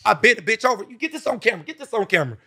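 A man telling a crude, profane story in a loud, boisterous way, often breaking into laughter. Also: high voice, big pitch swings, rapid-fire, husky. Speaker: guest. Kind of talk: crude storytelling in casual chat.

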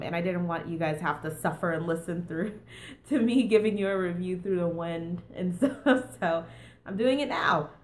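A woman's voice: mid-range voice, roomy sound, a little hiss or hum. A young woman giving a casual book review with a sing-songy tone, chatty and full of fillers. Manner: chatty with many fillers and "and stuff".

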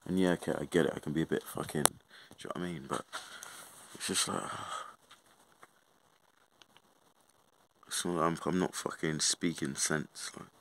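A man's voice: extremely low pitch, steady tone, unhurried, pauses often, fairly bright tone, slight background noise. A young man in a casual, sweary storytime rant, repeating himself and saying bruv and mate. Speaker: vlogger.

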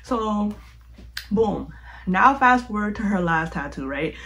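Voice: mid-range voice, expressive, takes it slowly, bright, forceful tone, poor audio. Chatty young vlogger telling a storytime. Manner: chatty, heavy use of "like", slangy. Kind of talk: casual storytime narration.

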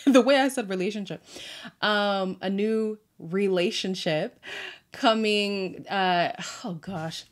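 A woman's voice: on the low side, moderate pace. Woman vlogger, casual sassy recap voice, sighs and exasperated asides. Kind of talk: casual reality-show recap.

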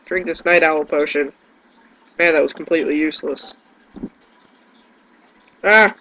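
A man's voice: fairly high pitch, unhurried, pauses often, sharp tone, rough recording. A man giving gameplay commentary, yelping in panic and groaning at his own mistakes. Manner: panicky yelps and self-deprecating groans. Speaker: let's play gamer.

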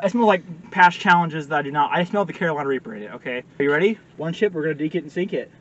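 A man's voice: on the high side, expressive, very fast, muffled recording. Hyped young man vlogging from a car. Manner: hyped, joking, yelps and laughs. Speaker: vlogger host. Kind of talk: casual vlog chat. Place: inside a car.

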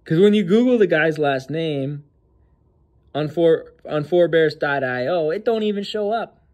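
A man's voice: a little high, expressive, measured pace, a little mellow, dull audio. A man hosting casual political commentary in a sneering, mocking and slangy way. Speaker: host.

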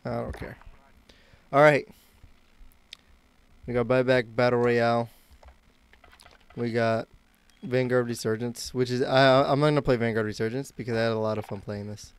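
A man's voice: mid-range voice, steady tone, moderate pace, long pauses, clean tone, no room sound. A young man from the United States chatting casually while live-streaming games, rambling and self-mocking. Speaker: game streamer.

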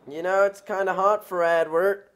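A man's voice: sits high, steady tone, moderate pace, fairly bright tone, clear, resonant tone. A man giving casual, joking commentary while playing a video game, laughing often and mumbling when he thinks aloud. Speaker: gameplay commentator. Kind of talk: casual let's play commentary.

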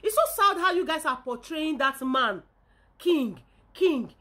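A woman's voice: high voice, expressive, unhurried, fairly bright tone. A Nigerian woman from Edo State ranting in a reaction video, indignant and scolding, often repeating herself. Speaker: vlogger.

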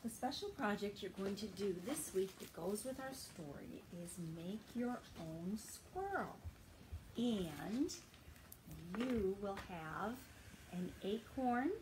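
A woman from a library children's program, gently walking young children through a craft project step by step. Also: mid-range voice, background noise. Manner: gentle, simple show-and-tell explaining.

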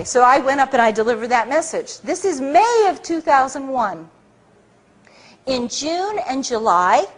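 A woman speaking at a public talk, telling an animated story with many restarts and acted-out quotes. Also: fairly high pitch.

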